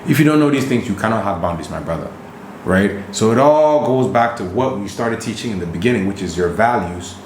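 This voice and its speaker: A man with a lowish voice co-hosts a casual podcast, laying out dating advice in an emphatic, preachy way. His voice rings in a roomy, echoey space with a faint hiss behind it. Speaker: podcast co-host.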